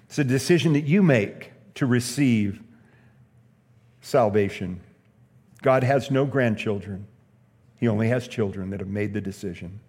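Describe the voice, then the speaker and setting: A man's voice: lowish voice, a little slow, long pauses, darkish tone, slightly rough, in a large hall. A male pastor preaching a sermon, telling a story earnestly and hammering points home with repeated phrases.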